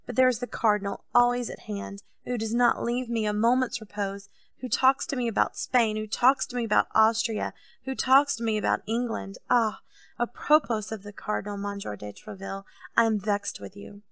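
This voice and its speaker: A woman's voice: mid-range voice, fairly even intonation, moderate pace, vocal fry, fairly bright tone, no room sound. A woman reading an audiobook, voicing a grown king who complains and grows indignant, his voice raised above her narration. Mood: complaining. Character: petulant, self-pitying king, grown man.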